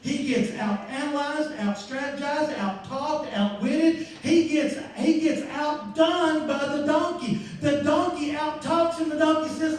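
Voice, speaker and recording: High-voiced preacher in an echoey church. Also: male voice, moderate pace, hardly any pauses. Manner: lively storytelling, acts out voices, bursts into shouts. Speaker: pastor. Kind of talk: sermon. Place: church sanctuary. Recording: echoey church room, mic far off.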